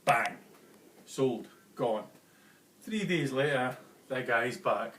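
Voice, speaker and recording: A man telling a joke in a relaxed, broad storytelling way, filmed at home on a phone across the room. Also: medium pitch, takes it slowly, long pauses. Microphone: phone camera across the room. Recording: roomy and distant home video.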